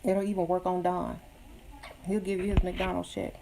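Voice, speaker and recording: Woman, gravelly voice, warm dark tone, blunt sassy dating advice, casual vlog chat. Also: on the low side, monotone, normal speed, slight background noise, poor audio. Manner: blunt, sassy, joking asides. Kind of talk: casual advice chat answering viewer questions.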